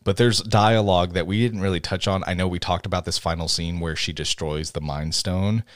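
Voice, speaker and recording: Deep-voiced man, eager rambling podcaster. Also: fairly even intonation, brisk, no echo. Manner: rambling, eager, many restarts. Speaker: podcast co-host. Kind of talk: casual chat.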